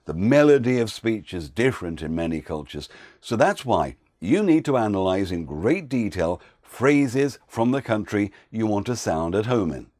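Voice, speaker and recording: A man who works as a voiceover coach, giving an instructional talk with clear, patient explanations. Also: fairly low pitch, sing-song, normal speed, darkish tone, no echo, clean studio sound.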